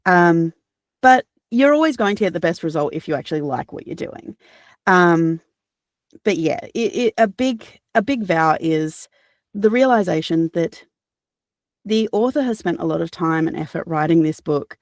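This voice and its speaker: A woman's voice: on the low side, lively intonation, moderate pace, dry recording, clean studio sound. A woman with an Australian accent, a narrator and voice actor, talking earnestly in an interview, with many fillers and restarts. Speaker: guest, audiobook narrator and voice actor. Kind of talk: casual interview chat.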